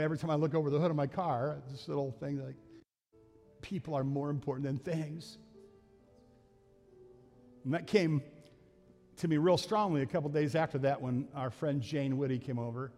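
A man's voice: on the high side, steady tone, moderate pace, pauses often, a little mellow. A middle-aged man, a pastor, telling a family story in a folksy sermon and acting out the voices. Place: church sanctuary. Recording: reverberant church hall with faint music.

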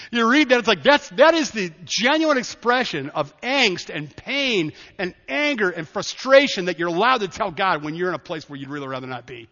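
A pastor preaching a sermon, animated and humorous, swinging from quiet asides to loud declarations. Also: male voice, high voice, a little fast. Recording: dull audio with long hall reverb.

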